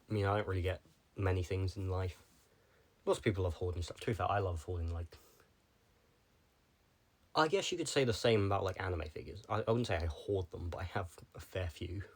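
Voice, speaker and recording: Rambling low-voiced young guy. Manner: rambling, jumps between tangents, lots of "like". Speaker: vlogger. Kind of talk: casual rambling monologue.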